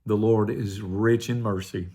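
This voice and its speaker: Older gravelly pastor giving testimony. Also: male voice, lowish voice, fairly even intonation, unhurried. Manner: earnest, quietly emotional storytelling. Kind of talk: personal testimony.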